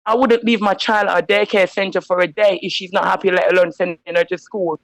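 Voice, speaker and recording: A woman's voice: medium pitch, fairly even intonation, a little fast, dry recording, low-quality recording. A woman calling in to a phone-in show, speaking heatedly and emphatically in slang because she is upset. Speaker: caller. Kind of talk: impassioned phone-in rant.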